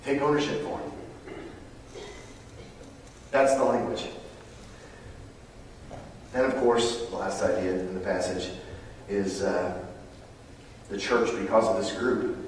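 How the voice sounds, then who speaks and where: Animated preacher man in an echoey hall. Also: fairly low pitch, measured pace, long pauses, distant mic, slight background noise. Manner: animated, swinging between loud emphatic bursts and quiet asides. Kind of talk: sermon. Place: large room with live audience. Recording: roomy hall, picked up from afar.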